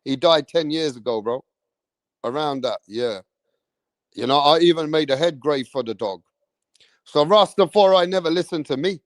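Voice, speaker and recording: A man, hosting a live stream, telling rambling stories in an animated way, swearing often and tagging lines with "bruv". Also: on the high side, normal speed, long pauses, no room sound, clean studio sound. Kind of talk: rambling storytelling.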